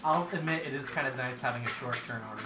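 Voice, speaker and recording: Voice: mid-range voice, fast. Rambling tabletop player, echoey room. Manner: rambling, hedging with fillers. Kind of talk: casual tabletop play chat. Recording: roomy echo with background music.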